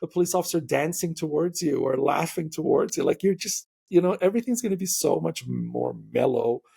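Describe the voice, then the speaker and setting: A man hosts a casual interview podcast, spinning stories in an easygoing, filler-heavy way. His voice carries a rough, gravelly edge with a husky breath to it. He sits a bit higher than most men. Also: fairly quick. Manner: storytelling, animated, many fillers. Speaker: podcast host.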